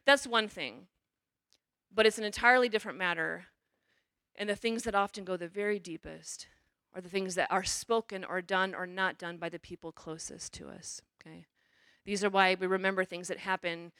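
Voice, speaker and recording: Bright-voiced sister giving a chatty sermon. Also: female voice, lowish voice, fairly even intonation, moderate pace, clear, resonant tone, no echo. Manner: chatty, checks in with "okay?" and "you know". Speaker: religious sister giving parish mission talk. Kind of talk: conversational sermon.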